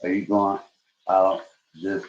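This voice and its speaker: A man cooking at home on a livestream, chatting to viewers as y'all and breaking into high excited bursts. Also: slow pace. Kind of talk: casual livestream cooking chat. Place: home kitchen. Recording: roomy, dull livestream audio.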